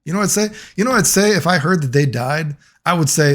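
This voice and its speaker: A man telling a long personal story in a casual monologue, rambling and profane, getting animated when he quotes other people. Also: a little high, quick pace. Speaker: video creator.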